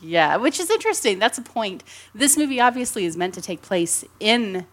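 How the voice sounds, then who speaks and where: A woman's voice: mid-range voice, sing-song, moderate pace. A woman co-hosting a casual film discussion, chatty and rambling, giggling often between her points. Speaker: podcast co-host.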